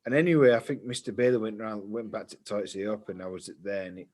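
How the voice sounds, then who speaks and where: A man's voice: lowish voice, quick pace. Chatty man telling stories. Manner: animated storyteller, laughs easily. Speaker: podcast co-host. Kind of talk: casual chat.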